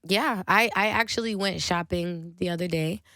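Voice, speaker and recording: A woman in her twenties, a guest on a radio show, talking in a relaxed, chatty way full of "like". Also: fairly low pitch, moderate pace, no echo, studio quality. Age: 20s. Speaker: musician guest. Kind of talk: casual radio interview. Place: radio studio.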